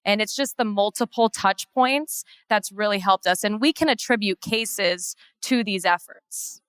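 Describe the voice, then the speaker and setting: A woman's voice: mid-range voice, measured pace, a bit bright, clean tone, no echo. A woman heading marketing for a law firm, giving an organized, businesslike conference presentation.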